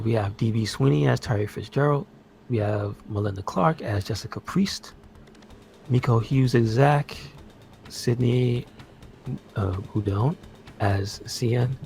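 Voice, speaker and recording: On a podcast, a male co-host chats loosely about a movie, rambling as he reads the cast list with plenty of fillers. His pitch sits fairly low, with vocal fry and a slightly mellow quality.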